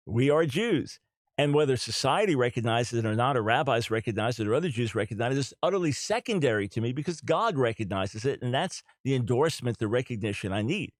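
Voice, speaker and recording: A man's voice: medium pitch, no echo. Middle-aged guy doing a radio monologue, earnest, repeats himself for emphasis, mid voice, dry studio sound. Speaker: radio talk show host.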